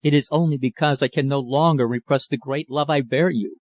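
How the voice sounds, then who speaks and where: A man's voice: mid-range voice, fairly even intonation, fairly quick, no room sound, natural voice. A man reading an audiobook, voicing a young journalist in love who pleads his case with passion. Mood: pleading. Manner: impassioned, pleading. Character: young male journalist, ardent lover.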